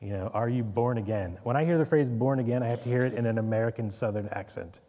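A man's voice: mid-range voice, quick pace, mellow, long reverb tail. A man giving a casual Bible study lecture, conversational, with wry asides and frequent "right?" checks. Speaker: Bible teacher.

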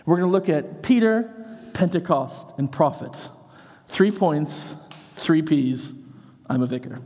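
A man preaching a sermon as vicar, telling a funny story in an animated way, moving from hushed lines to shouts. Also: fairly high pitch, unhurried, long reverb tail.

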